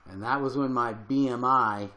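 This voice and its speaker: A man's voice: mid-range voice, steady tone, moderate pace, bright, forceful tone. Earnest older man in an echoey room. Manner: earnest, conversational, rambling with fillers. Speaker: health coach. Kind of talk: casual livestream talk.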